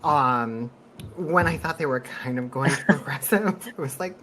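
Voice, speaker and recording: A man co-hosting a podcast in casual chat, animated, laughing often and swearing freely. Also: medium pitch, a little slow, slight background noise. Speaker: podcast co-host.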